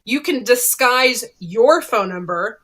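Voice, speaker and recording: A woman's voice: on the high side, takes it slowly. A woman co-hosting a casual chat show, telling stories with lots of laughter. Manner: animated storyteller, laughs a lot. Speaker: podcast co-host.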